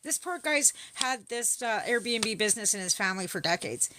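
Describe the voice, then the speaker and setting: A woman's voice: mid-range voice, lively intonation, normal speed, background noise. A middle-aged woman from Canada hosting a livestream, talking in a casual, rambling and profane political rant. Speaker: livestream host. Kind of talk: casual ranting chat.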